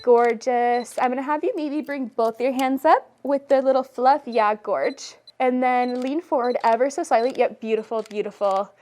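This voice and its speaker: A woman's voice: a little high, moderate pace, few pauses, darkish tone, faint music behind. A young adult woman photographer in a studio, casually directing a model and gushing with repeated praise.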